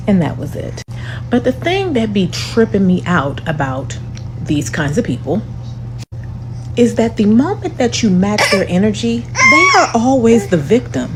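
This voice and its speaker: A woman telling a dramatic airport story to her viewers in a sassy, lively way. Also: mid-range voice, normal speed. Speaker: storytelling vlogger. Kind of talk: animated storytime. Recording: humming background noise.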